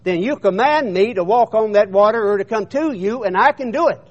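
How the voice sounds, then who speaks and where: A man's voice: high voice, animated, brisk, voice pushed up. Preacher voicing a bold fisherman, insistent and eager, dull recording. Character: bold male fisherman asking to walk on water.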